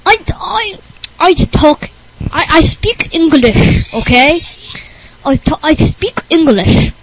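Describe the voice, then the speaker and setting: A male speaker voicing a nerdy, clingy boy who insists he talks normally, high and strained. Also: very animated, slow, slight background noise, heavily acted, low-quality recording. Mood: defensive.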